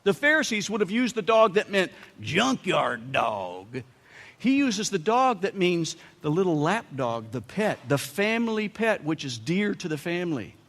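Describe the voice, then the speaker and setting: American man, pastor preaching, humorous storytelling, slightly high voice, long church reverb, faint music behind. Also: a bit bright. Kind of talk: sermon. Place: church sanctuary.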